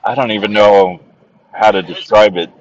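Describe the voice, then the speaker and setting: A man's voice: lowish voice, fairly even intonation, moderate pace, crowd noise. A man co-hosting a casual film chat, mostly giving short agreeing replies. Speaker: podcast co-host. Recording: distant, dull lo-fi sound.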